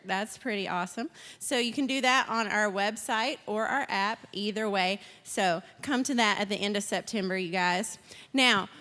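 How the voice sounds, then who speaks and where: A woman's voice: a little high, sharp tone. A woman hosting a church service, giving the welcome and announcements in a bubbly, casual, enthusiastic way. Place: church auditorium. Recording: long reverb of a large hall.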